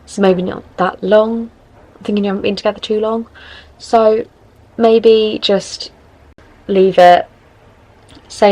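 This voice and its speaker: A woman's voice: mid-range voice, slow pace, long pauses, darkish tone, rough recording. A tired young woman hosting a podcast, giving frank, rambling advice in casual chat. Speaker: podcast host.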